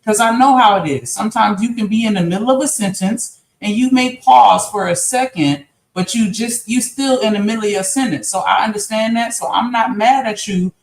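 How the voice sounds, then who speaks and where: A woman's voice: medium pitch, brisk, hardly any pauses. A woman on a livestream, earnestly explaining herself in an apologetic way, often repeating her points. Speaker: stream guest. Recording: roomy echo.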